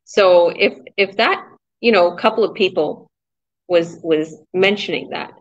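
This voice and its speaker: Energetic lady coach on a video call, lots of ums and restarts, dry dull audio. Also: fairly low pitch, a little slow, no room sound. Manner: energetic, rambling, many fillers and restarts. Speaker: online business coach. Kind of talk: casual group chat, motivational.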